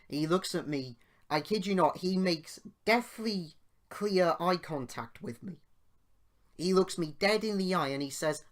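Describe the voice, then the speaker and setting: With a fairly high pitch and an unhurried delivery, a British podcast host from the UK works his way through a personal anecdote. He strays into tangents and turns increasingly loud and outraged as the story goes on.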